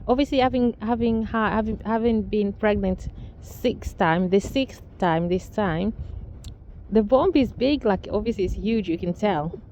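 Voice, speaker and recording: A woman's voice: medium pitch, unhurried, mellow, highs cut off, a little hiss or hum. A woman telling a casual family story, rambling with restarts and amused asides. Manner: rambling, many restarts and fillers, laughs at own story.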